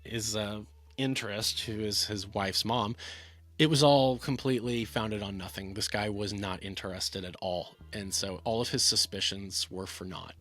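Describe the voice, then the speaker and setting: A man's voice: lowish voice, fairly even intonation, normal speed, a bit bright. A man giving a casual talking-head film review, rambling, with many fillers and restarts.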